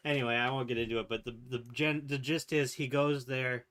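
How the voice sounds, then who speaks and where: A co-host with a bright, sharp tone chats over a remote call. The talk is relaxed, full of quick reactions and a loose retelling of a sitcom scene. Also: medium pitch. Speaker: podcast co-host. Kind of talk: casual chat. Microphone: muted mic on a remote call.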